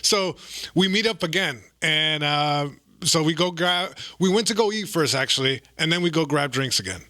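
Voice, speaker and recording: A man's voice: fairly high pitch, expressive, moderate pace, bright, forceful tone. A man in his thirties, a comedian guest, telling a story in casual chat with many fillers, restarts and laughs.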